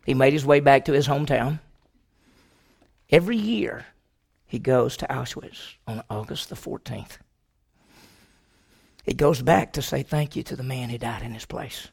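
Guy preaching, gravelly voice, middle pitch, goes from loud to real quiet and slow. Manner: swings from loud questions to hushed, slow delivery. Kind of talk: sermon with dramatic storytelling.

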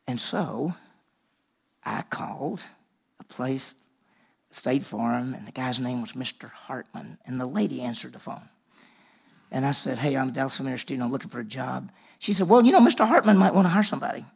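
Gravelly husky guy from mississippi, animated storyteller in a sermon. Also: mid-range voice, moderate pace, pauses often. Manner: animated storyteller acting out dialogue. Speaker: preacher telling a personal story. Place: large room with audience.

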